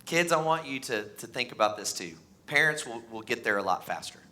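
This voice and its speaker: A male pastor in his thirties preaches in a church sanctuary. His voice is bright and forceful, and he stays animated, acting out the voices of the people he talks about. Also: brisk. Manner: animated, acts out voices, pitch rises on mocking lines. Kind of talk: sermon.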